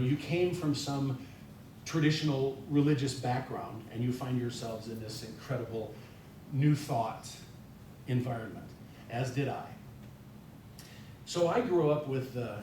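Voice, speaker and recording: Male guest speaker from North Dakota, rambling and folksy, heard from a distance in a very echoey church hall with a faint rumble. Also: warm tone. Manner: chatty, self-deprecating, many fillers and restarts. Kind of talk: informal sermon talk. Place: church sanctuary.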